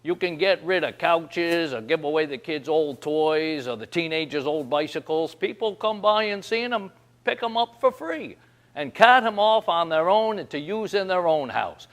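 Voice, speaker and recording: Man, folksy comic monologue, chuckling storyteller, fairly high voice. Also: normal speed, fairly bright tone. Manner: down-home storyteller, chuckles often. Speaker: host of a humor segment.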